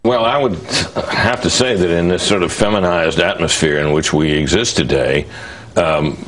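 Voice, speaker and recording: A man giving commentary in a measured, hesitant way, with frequent fillers. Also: low voice, fairly bright tone. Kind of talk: deliberate commentary.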